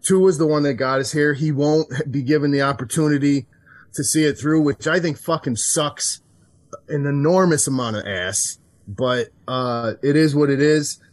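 A man's voice: a little high, steady tone, normal speed. A man on a casual podcast chat as a guest, crass and sardonic, swearing constantly. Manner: sardonic and joking.

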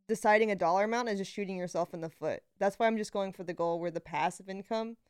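A young woman talking casually as a podcast guest, matter-of-fact and quick to laugh. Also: medium pitch, a little mellow, clear, resonant tone, dry recording, clean studio sound. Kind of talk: casual chat.

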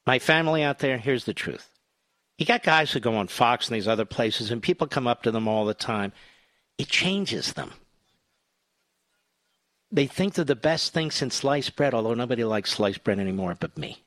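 A man hosting a call-in radio talk show, combative and jokey, working himself up to loud outrage. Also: medium pitch, expressive, normal speed, no room sound. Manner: joking, self-mocking banter.

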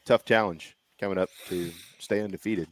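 A man's voice: deep voice, steady tone, moderate pace, no echo. Dry-sounding man talking sports. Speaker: sports talk co-host. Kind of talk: casual sports chat.

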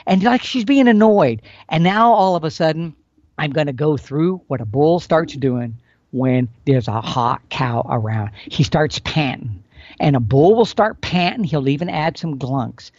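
Unhurried and fairly high-pitched, a middle-aged man explains how to hunt as an expert guest, recorded dull and dry. His casual lesson comes across as folksy and animated, punctuated by demonstrative, expressive swings.

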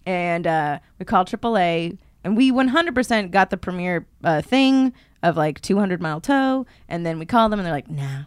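A woman's voice: fairly low pitch, moderate pace, few pauses, clear, resonant tone, dry recording, studio quality. A woman co-hosting a podcast, telling a story in casual chat and acting out quotes with lots of fillers. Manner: animated, acts out quotes with many fillers. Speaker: podcast co-host.

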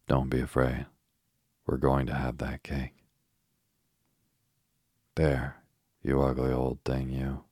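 A man voicing a caring older girl, the eldest sister, gently worried and coaxing. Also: rumbling low, completely flat delivery, slow pace, long pauses, slightly rough, dry recording, clean studio sound, full character voice.

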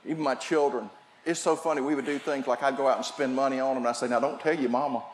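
An older man preaching a sermon, telling family stories and shifting from shouts to quiet asides. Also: mid-range voice, level tone, fast, slight background noise. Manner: storytelling preacher, swings from shouting to hushed. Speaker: pastor.

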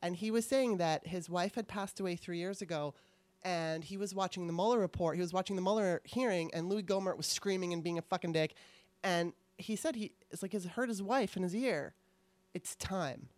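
Candid, rambling woman with a low voice. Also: moderate pace, darkish tone, dry recording. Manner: candid, rambling, swears casually. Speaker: podcast host. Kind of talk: casual conversation.

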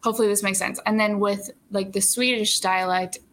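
A young actress chatting in an interview, animated and full of fillers and laughs. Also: female voice, mid-range voice, brisk, a little hiss or hum, rough recording. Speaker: actress guest. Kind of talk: casual interview chat.

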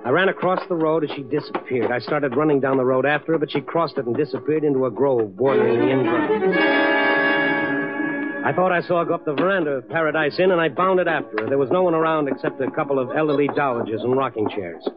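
A man's voice: mid-range voice, fast talker, over loud music, close to an everyday voice. An actor playing a wisecracking young newspaper reporter who narrates his own case in a 1940s radio drama, in terse hard-boiled style. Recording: dull old radio broadcast.

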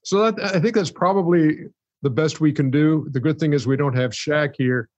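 A man hosts a casual sports podcast, reading out call-ins with a smooth, wry delivery. His voice sits slightly above the usual male range. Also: a little high, moderate pace, darkish tone, muffled recording. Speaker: host.

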